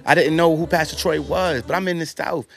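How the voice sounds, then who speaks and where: Man, slightly high voice, animated and profane storyteller, faint music underneath. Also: brisk, creaky. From New York. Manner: animated, profane, acts out quoted dialogue. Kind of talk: casual storytelling.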